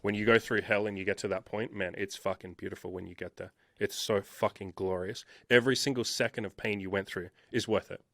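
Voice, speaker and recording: A man's voice: lowish voice, steady tone, a little fast, vocal fry, hardly any pauses, fairly bright tone, no echo, clean studio sound. A man in his thirties telling his life story as an interview guest, emphatic and swearing freely. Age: 30s.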